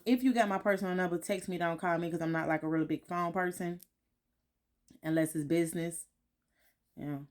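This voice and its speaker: A woman's voice: deep voice, darkish tone. A woman vlogging at home in a candid, reflective way, often repeating herself and checking in with "right?". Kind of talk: casual reflective talk to followers. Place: home, morning.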